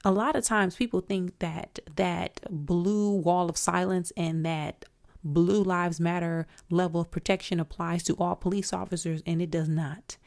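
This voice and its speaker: A woman's voice: lowish voice, fairly even intonation, measured pace, creaky, darkish tone. A woman hosting a solo commentary podcast, outspoken and emphatic, talking straight to her listeners. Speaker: podcast host.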